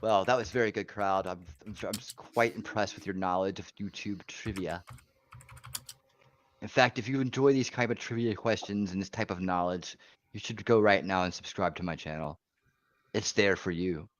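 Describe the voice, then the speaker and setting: A man's voice: sits low, moderate pace, a little hiss or hum. A man co-hosting a casual stream chat, speaking with mock-formal politeness and calling people sir. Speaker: stream co-host. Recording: dull lo-fi stream audio.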